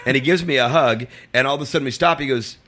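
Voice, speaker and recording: A man guesting on a talk show, telling a long rambling story, full of fillers and acting out quotes in a higher voice. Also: quick pace, fairly bright tone. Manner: rambling, filler-heavy, acts out quotes in a high voice. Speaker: comedian guest. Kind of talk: casual storytelling chat.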